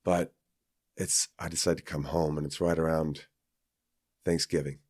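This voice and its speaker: A man's voice: a bass voice, little pitch movement, unhurried, darkish tone, no echo, studio quality. A man from Kansas, a podcast guest, telling a personal story in a rambling, casual way with many fillers and restarts.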